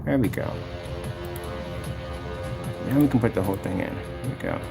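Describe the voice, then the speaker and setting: A man's voice: on the low side, animated, normal speed, vocal fry, loud music behind the voice. A man giving casual screen-share commentary about his own product, mocking and exasperated, repeating his points as he clicks through a website. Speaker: company owner showing his product site.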